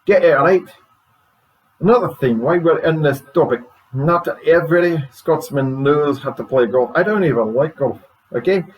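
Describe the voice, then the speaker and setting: Man playing a high, blustery guest who rants defensively. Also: moderate pace, close to an everyday voice, poor audio. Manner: loud, defensive, ranting. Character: touchy Scottish man, defensive radio guest.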